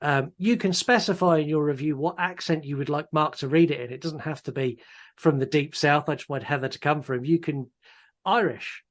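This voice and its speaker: A man's voice: fairly high pitch, brisk. A man hosting a film podcast, talking casually and bluntly and swearing freely. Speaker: podcast host. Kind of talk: casual chat about films.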